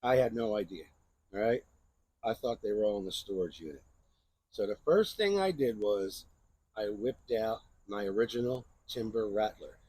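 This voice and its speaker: Husky, chatty man reviewing knives. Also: on the low side, lively intonation, moderate pace, a little mellow. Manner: chatty, rambling, keeps asking "right?". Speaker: knife channel host. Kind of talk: casual show-and-tell review.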